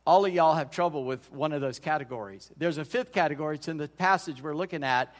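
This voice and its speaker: A man's voice: on the high side, fast. A middle-aged man preaching a sermon as pastor, folksy and conversational, often restarting his sentences. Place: church sanctuary. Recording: long church hall reverb.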